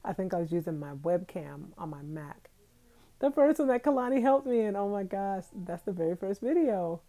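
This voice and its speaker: A woman's voice: mid-range voice, lively intonation, normal speed, warm tone. A woman in her thirties hosting a casual live stream from her bedroom, chatty and talking straight to her viewers. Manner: chatty, talks straight to viewers, laughs often. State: itchy nose from allergies. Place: bedroom at home.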